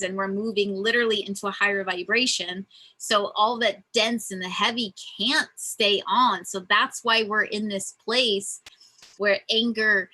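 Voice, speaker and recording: A woman hosting a casual spiritual conversation, telling stories in an earnest, animated way. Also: medium pitch, low-quality recording. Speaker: host.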